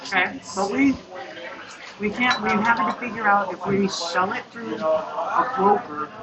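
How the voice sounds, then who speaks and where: A woman's voice: medium pitch, measured pace. Firm mother talking over a crowd. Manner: firm, insisting on being heard. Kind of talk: casual family conversation. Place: busy restaurant. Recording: muffled, over a loud restaurant crowd.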